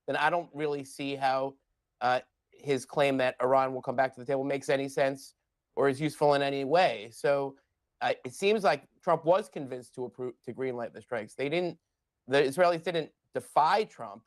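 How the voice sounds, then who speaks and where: A man's voice: mid-range voice, normal speed, dry recording. Blunt, wry male political analyst. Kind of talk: live news commentary.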